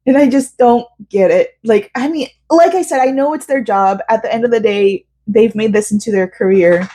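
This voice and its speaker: A woman's voice: a little high, normal speed, hardly any pauses, mellow. A young woman from Central Florida, talking emotionally and rambling with many fillers in a personal vlog. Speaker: vlogger.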